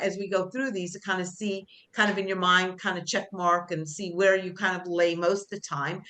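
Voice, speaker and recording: A woman's voice: medium pitch, a bit bright. Chatty woman teaching a class. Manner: conversational, self-deprecating, acts out short example lines. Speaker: job training instructor. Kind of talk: classroom lecture.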